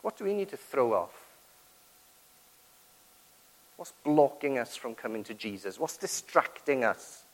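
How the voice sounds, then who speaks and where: A man's voice: mid-range voice, sing-song, moderate pace, rough recording. A man preaching a sermon to his church, acting out quoted prayers and asking rhetorical questions.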